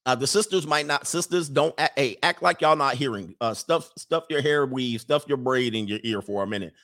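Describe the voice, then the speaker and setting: A man hosting a casual livestream, reading viewer messages aloud and answering in an animated, joking way. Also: mid-range voice, normal speed. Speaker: livestream host reading super chats.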